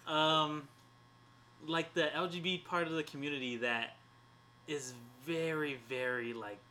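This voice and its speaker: A man's voice: a little high, measured pace, slight background noise. A man in his twenties, co-hosting a casual podcast chat, telling stories animatedly and swearing freely. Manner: animated storyteller, swears freely, acts out quotes. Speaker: podcast co-host.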